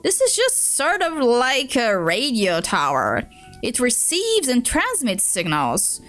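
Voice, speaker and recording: A woman's voice: a little high, huge pitch swings, slow, fairly bright tone, soft background music. A woman streamer reading a web comic aloud in English, with dry, teasing narration. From Brazil.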